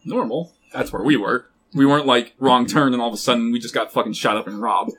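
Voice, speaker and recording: Husky young man telling a rambling story. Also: mid-range voice, lively intonation, a little fast, a bit bright. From Pennsylvania. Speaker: podcast co-host. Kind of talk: casual chat.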